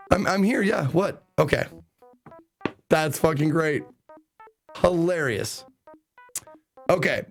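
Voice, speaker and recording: A man streaming a game live, chatting excitably, swearing casually and reading the game's text aloud. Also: fairly high pitch, takes it slowly, vocal fry, pauses often, faint music behind. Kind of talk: live let's play commentary.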